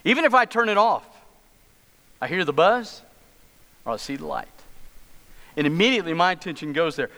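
A man's voice: high voice, animated, moderate pace, pauses often, pushed and bright. A middle-aged male pastor preaching a sermon in a church, telling stories with humorous asides. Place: church sanctuary. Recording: long church reverb.

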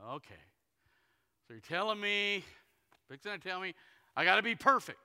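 A pastor preaching a sermon, telling stories folksily and acting out the characters. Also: male voice, sits high, animated, normal speed, bright, forceful tone, clear, resonant tone. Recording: long hall reverb.

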